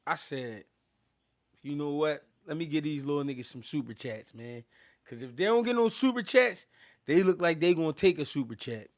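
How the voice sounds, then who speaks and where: A man's voice: on the high side, lively intonation, normal speed. A man hosting a boxing live stream, chatting casually in loose street slang, laughing and thanking viewers. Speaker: boxing livestream host.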